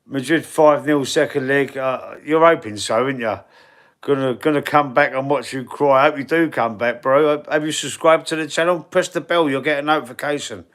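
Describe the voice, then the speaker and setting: A man's voice: mid-range voice, normal speed, a bit bright. A man with a Cockney accent, hosting a casual live stream as a football fan, reading chat and rambling in a laid-back, slangy way. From England. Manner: chatty, rambling, repeats words and restarts. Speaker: football fan livestream host.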